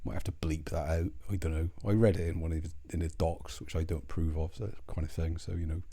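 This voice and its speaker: Rambling, sweary, low-voiced man. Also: little pitch movement, fast talker, creaky, dark tone, breathy edge. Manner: sardonic, rambling, self-interrupting. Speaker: commentary channel host.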